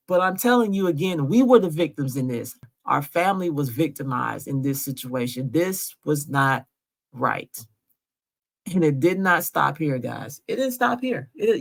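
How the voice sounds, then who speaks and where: A woman's voice: low-pitched, gravelly. A woman from Georgia telling her story straight to camera, insistent and emotional, often checking in with her viewers. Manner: insistent, keeps asking "right?". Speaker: vlogger. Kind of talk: emotional direct-to-camera vlog.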